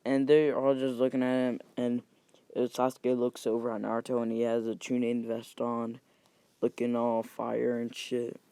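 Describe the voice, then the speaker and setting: A young man rambles through a homemade story, cursing often and backtracking mid-sentence. His voice is gravelly and dark, set close in a dry, dead space. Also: mid-range voice, completely flat delivery, normal speed, no echo. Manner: rambling, profane, self-correcting. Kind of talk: casual retelling of a fan story.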